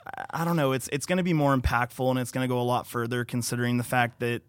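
Soft-spoken man in a dry studio. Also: mid-range voice, level tone, fast talker, clean tone, no room sound. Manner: earnest, soft-spoken, reads his own writing aloud. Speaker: podcast engineer. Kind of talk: casual podcast conversation. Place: podcast studio.

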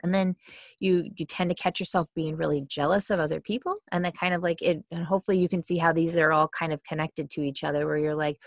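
A woman's voice: low-pitched, level tone, fast, vocal fry, no echo, clean studio sound. A woman coaching in a casual, explanatory way, full of fillers and acted-out complaints. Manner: chatty, many fillers, acts out quoted complaints.

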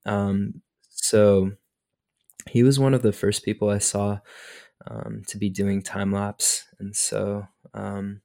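A man's voice: on the low side, flat delivery, takes it slowly, gravelly, mellow. A man chatting casually about photography, laid-back, saying "dude" and "like" a lot and laughing easily. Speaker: podcast guest photographer. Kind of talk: casual chat.

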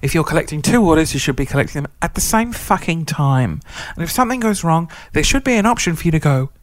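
A man's voice: fairly high pitch, animated, quick pace, no echo. A man tells a long story in a casual, chatty way, swearing freely and playing up the drama. He acts out his own outbursts in a raised voice. The recording is dry and close, with no room sound.

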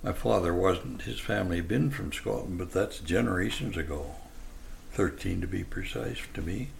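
Gravelly-voiced man in his nineties. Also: sits low, slight background noise. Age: 90s. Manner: slow, earnest, warm-hearted, drifts into anecdotes. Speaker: guest. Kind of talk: reflective storytelling in conversation.

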